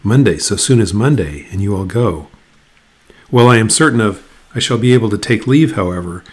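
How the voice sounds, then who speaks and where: Guy reading as a young heroine from an old novel, trying to sound brave, low voice. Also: expressive, brisk, close to an everyday voice. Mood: reassuring. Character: earnest young woman guest, brave, composed.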